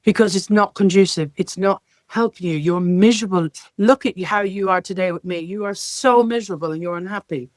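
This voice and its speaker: A middle-aged woman from Ireland, a care sector leader, telling lively stories as a podcast guest and acting out the dialogue in them. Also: medium pitch, brisk, few pauses, no room sound. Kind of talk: podcast interview storytelling.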